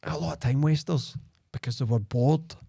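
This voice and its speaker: Mellow-voiced Scottish man chatting. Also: on the high side, normal speed, gravelly, husky, no room sound, studio quality. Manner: chatty storyteller, peppered with "like" and "right?". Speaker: sales expert guest. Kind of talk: casual podcast conversation.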